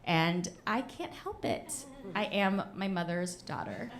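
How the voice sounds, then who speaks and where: A young woman telling a comedic story on a stage in front of an audience, animated, punchy and often laughing. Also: mid-range voice, unhurried, very noisy. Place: stage of a live venue before an audience.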